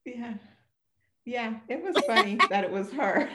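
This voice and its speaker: A woman guest on a podcast interview, telling her story with lively energy and acting out both sides of the conversation. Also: fairly high pitch, a little slow, reverberant, very noisy. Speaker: guest, mother of a son with special needs.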